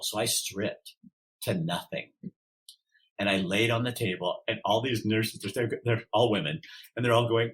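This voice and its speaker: A middle-aged man, a podcast guest, telling his story in an animated way and acting out the dialogue. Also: mid-range voice, normal speed, rough recording. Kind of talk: storytelling in an interview.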